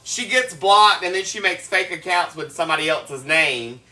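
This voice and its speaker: Over faint background music and a rough recording, a high-pitched, animated voice moves at a moderate pace, bright and forceful. A South Carolina man with a Southern accent is hosting a casual cooking stream, drawling sassy, playful greetings and humming tiny sound effects.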